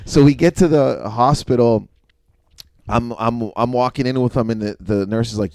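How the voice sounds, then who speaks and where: A man in his forties, a comedian guest, telling a story in casual chat, animated and laughing, swearing often. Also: medium pitch, moderate pace, dry recording, studio quality.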